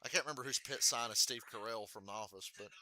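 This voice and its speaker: A man's voice: medium pitch, quick pace, sharp tone. A man giving live race reaction commentary, swearing freely and telling offhand stories in a blunt way. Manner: profane, blunt, offhand storytelling.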